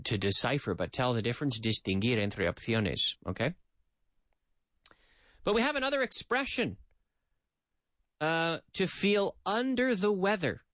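A man's voice: a little high, a bit bright, no room sound. A man hosting a chatty radio English lesson, explaining phrases and bantering with a co-host. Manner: chatty, mixes in translated explanations, talks to co-host. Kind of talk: lively radio language lesson.

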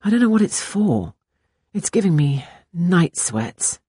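A woman voicing an anxious young male writer in a tender, low, hushed way. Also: sing-song, unhurried, husky, no room sound, clean studio sound, heavily acted. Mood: earnest.

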